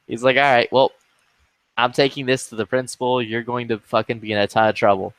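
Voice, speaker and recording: A man's voice: mid-range voice, steady tone, brisk, a bit bright, smooth, no room sound. A young man telling a school story in casual chat, laughing and swearing as he goes.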